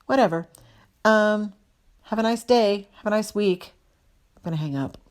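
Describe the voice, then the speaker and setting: A woman's voice: medium pitch, normal speed. Exasperated woman telling a rant. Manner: animated, exasperated, self-deprecating. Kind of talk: casual storytelling rant.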